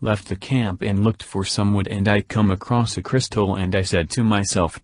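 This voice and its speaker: A man with a fairly low voice reads a homespun story aloud. He speaks in a flat, even manner and barely changes his voice for anyone. The sound is dry and close, with no room around it. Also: normal speed, dry recording. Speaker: narrator. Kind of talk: plain storybook reading.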